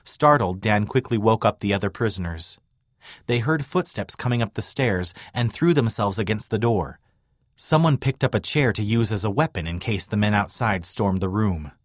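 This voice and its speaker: A man narrating a scripted historical story in an even, measured way. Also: on the low side, dry recording, clean studio sound.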